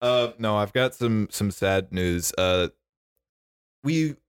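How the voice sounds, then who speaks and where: A man's voice: lowish voice, expressive, slow pace, smooth, no room sound. A young man co-hosting a casual movie news podcast, laughing often and making dry jokey asides. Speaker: podcast co-host.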